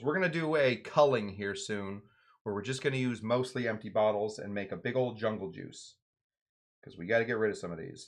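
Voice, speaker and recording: A man hosting a live cocktail show, talking casually and digressively, with many fillers, asides and jokes. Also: mid-range voice. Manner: jokey, answers his own questions. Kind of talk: casual live drink-making demonstration.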